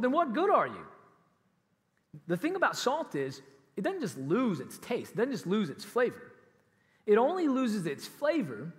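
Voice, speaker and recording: A man's voice: high-pitched, big-room sound. A man preaching a sermon as pastor, emphatic and conversational, with laughs and casual asides. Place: church auditorium.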